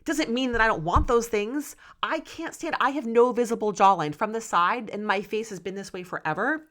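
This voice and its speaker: A woman's voice: fairly high pitch, moderate pace, a bit bright. A woman in her forties hosting a solo podcast, talking candidly and passionately and swearing freely. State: close to tears. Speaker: podcast host.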